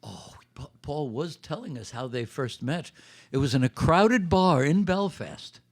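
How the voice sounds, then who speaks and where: A man's voice: a little high, animated, a little slow. An older man co-hosting a comedy show, playful and giggly, with a sing-song delivery. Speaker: co-host. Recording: loud banjo accompaniment.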